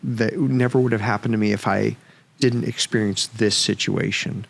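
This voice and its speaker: Gravelly man telling a frank story. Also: on the low side, moderate pace. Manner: frank, animated, swears freely. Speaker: podcast guest. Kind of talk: casual storytelling.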